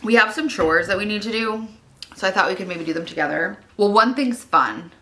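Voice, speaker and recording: A woman's voice: mid-range voice, fairly quick, a bit bright, slight background noise. A young woman vlogging casually from home, rambling with lots of "like" fillers and turning emotional at times. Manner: chatty, rambling, many "like" fillers. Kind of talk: casual vlog chat. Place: her home.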